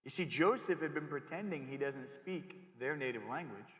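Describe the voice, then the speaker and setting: Young man preaching to a school chapel, jokey and animated, echoing in a big hall with long reverb. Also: mid-range voice, normal speed. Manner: animated, jokey, acts out voices. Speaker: youth pastor. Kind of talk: middle school chapel sermon.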